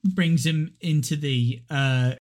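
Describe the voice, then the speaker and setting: Slow-talking podcast co-host, halting with fillers, checks notes while chatting about a film. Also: medium pitch, darkish tone. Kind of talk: casual movie review chat.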